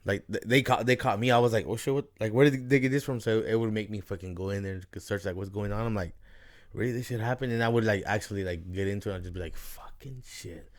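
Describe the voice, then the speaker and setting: A young man hosts a podcast in a loose, casual chat, laughing and swearing often. His voice is lowish with fairly even intonation, and he talks fast with few pauses.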